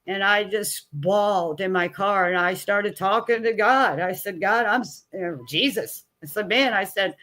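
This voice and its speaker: Middle-aged woman, grieving-mother guest. Candid, folksy storyteller who acts out both sides of each exchange and drops soft and low at the hard parts. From Missouri. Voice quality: plain-spoken, folksy. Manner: re-enacts both sides of conversations, voice sinking low and soft at painful moments. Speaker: guest, mother of a missing son.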